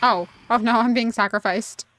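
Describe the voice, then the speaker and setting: A woman's voice: fairly high pitch, steady tone, normal speed, fairly bright tone, dry recording. A woman game streamer chatting casually and self-mockingly while playing, talking to the characters on screen. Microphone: desk USB microphone.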